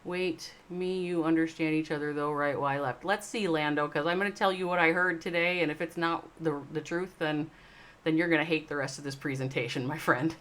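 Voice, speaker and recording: Talking directly to her chat and naming viewers as she goes, a woman who hosts live streams and owns an esports org gives an emotional monologue. Her voice sits low with a steady tone, though she alternates loud, sweary, emphatic outbursts with quiet, slow reflection.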